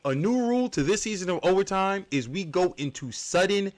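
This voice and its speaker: A man's voice: high voice, expressive, fairly quick. A man hosting a livestreamed game tournament, explaining the rules with joking asides. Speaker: tournament host and caster.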